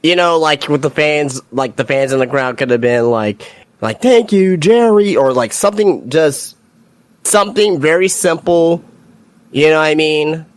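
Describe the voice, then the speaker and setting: A man in casual wrestling chat, halting and full of "like" and "you know". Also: a little high, clear, resonant tone, no room sound.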